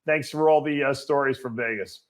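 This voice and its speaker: A man's voice: mid-range voice, brisk. A man hosting a show in casual chat with a guest, joking and laughing often. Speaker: show host.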